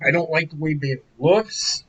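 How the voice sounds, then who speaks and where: A man's voice: a little high, normal speed, fairly bright tone, slightly rough, low-quality recording. A man co-hosting a casual live watch-along chat, ranting in a heated, profane way. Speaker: podcast co-host.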